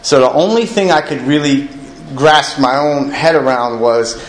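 A man's voice: mid-range voice, lively intonation, a little slow. A man speaking candidly to a recovery meeting, telling his own story in a conversational, self-mocking way and often asking the room "right?". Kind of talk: personal recovery story told to a group. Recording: echoey room with faint ambience.

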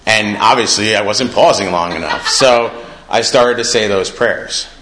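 Man, deep voice, relaxed conversational testimony, roomy echo. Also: unhurried. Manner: casual, conversational, acts out quoted dialogue. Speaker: recovery meeting speaker. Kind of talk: personal testimony. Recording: echoey room with faint noise.

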